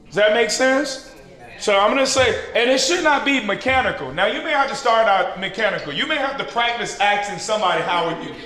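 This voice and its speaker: A man preaching at a leader training, teaching through call-and-response and building to shouted peaks. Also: high voice, lively intonation, fairly quick. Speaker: pastor leading a leader training. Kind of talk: sermon-style teaching. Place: large church hall with an audience. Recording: echoey hall with crowd responses.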